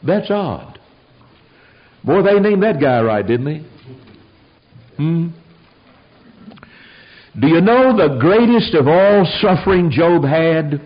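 Folksy preacher man, husky, lo-fi radio. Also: fairly high pitch, lively intonation. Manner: folksy, emphatic, quick asides. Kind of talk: sermon. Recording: dull lo-fi radio broadcast.

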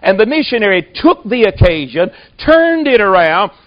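A man's voice: high voice, sing-song, normal speed. A man preaching a sermon to a congregation, with a folksy storytelling manner. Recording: dull lo-fi recording.

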